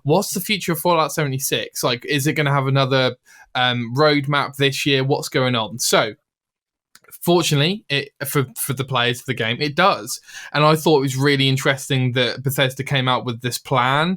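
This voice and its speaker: Guy hosting a game chat show, rambly and easygoing, mid-pitched. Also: moderate pace, fairly bright tone. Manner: chatty, filler-heavy, reads out listener email. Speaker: podcast host. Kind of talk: casual gaming chat.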